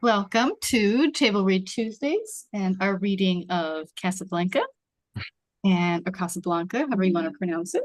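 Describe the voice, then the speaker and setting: A woman's voice: medium pitch, normal speed, hardly any pauses, no room sound. A woman from Washington state hosting an online table read over a video call, chatty and informal. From Washington state, USA.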